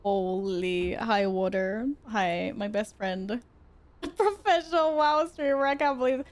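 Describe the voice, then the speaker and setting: A woman's voice: medium pitch, a little slow. A young woman streaming a video game live, chatting with her viewers in an exasperated, self-mocking way. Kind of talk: live gaming stream chat.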